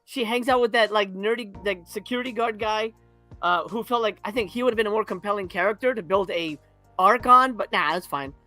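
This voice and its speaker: A man's voice: high-pitched, brisk, pushed and bright, faint music behind. Crude, sarcastic man rambling. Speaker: podcast panelist. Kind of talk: casual movie review chat.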